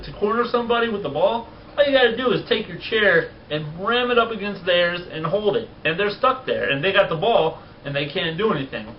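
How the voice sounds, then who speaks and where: A man in his twenties talking casually on a vlog, blunt and profane, rants that get animated. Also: high voice. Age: 20s. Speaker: vlogger. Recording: distant lo-fi mic with faint noise.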